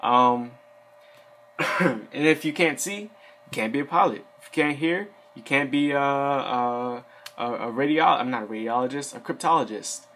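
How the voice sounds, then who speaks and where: Young man, mid-pitched, seated, casual rambling vlog delivery with lots of fillers. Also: normal speed, sharp tone, slight background noise. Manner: rambling, filler-heavy, conversational. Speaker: Air Force enlistee giving advice. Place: seated indoors.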